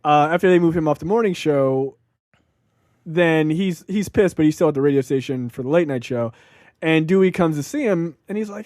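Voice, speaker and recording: High-voiced man telling a story. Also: fairly quick, no echo, studio quality. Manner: profane, animated storytelling with many fillers. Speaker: podcast host. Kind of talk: casual chat.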